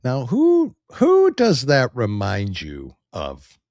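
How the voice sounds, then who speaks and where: A man's voice: mid-range voice, wildly swooping pitch, slow pace, a little mellow, dry recording. A man hosting a podcast, giving blunt, opinionated political commentary and reading viewer comments aloud. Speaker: podcast host.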